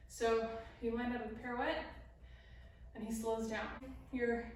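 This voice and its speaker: In a very echoey room, far from the mic, a young woman teaches a beginner dance routine, talking as she demonstrates the moves. Her fairly high voice stays level and unhurried, and she counts beats, sings bits of lyrics, and is sometimes out of breath. A little hiss or hum sits under the audio.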